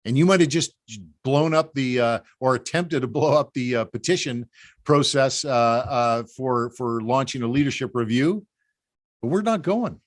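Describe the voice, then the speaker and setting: A man's voice: mid-range voice, fairly even intonation, normal speed. A man from Canada delivers a rallying political briefing to supporters. His talk is emphatic and repetitive, circling back to drive each point home. He keeps pressing listeners to stay put and act. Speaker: political organizer.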